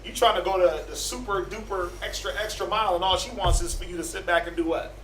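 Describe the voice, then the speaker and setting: Animated man teaching in an echoey room. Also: high-pitched, quick pace, far from the mic, slight background noise. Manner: animated, acts out quoted everyday voices. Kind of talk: casual Bible class teaching.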